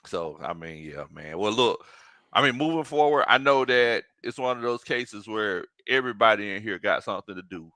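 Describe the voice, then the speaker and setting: A man's voice: fairly low pitch, lively intonation, normal speed, bright, forceful tone, dry recording. A man co-hosting a casual sports roundtable, laughing and teasing in loose slang. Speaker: podcast co-host.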